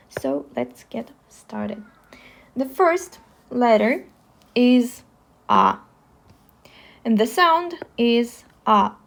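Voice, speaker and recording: A young woman with a Russian accent teaching the alphabet, speaking slowly and spelling out each sound with care. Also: a little high, darkish tone. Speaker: language teacher. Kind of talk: slow alphabet lesson.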